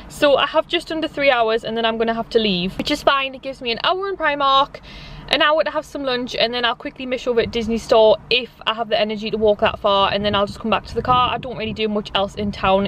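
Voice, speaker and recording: A woman's voice: fairly high pitch, a bit bright, a little hiss or hum. A woman chatting casually to camera in a vlog, rambling about her day out in town. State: out of breath while walking. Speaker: vlogger. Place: out in town, walking and in a parked car.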